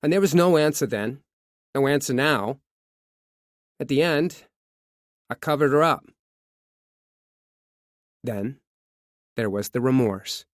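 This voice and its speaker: A man narrating a true crime audiobook, reading a confession in a measured first-person voice. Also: mid-range voice, animated, no echo, clean studio sound.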